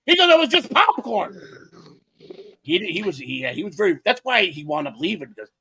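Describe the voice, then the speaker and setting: A man's voice: on the high side, very animated, fast talker, vocal fry, pushed and bright, slight background noise. A man co-hosting a podcast, telling rambling stories with lots of repeats and swearing. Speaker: podcast co-host. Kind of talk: rambling casual storytelling.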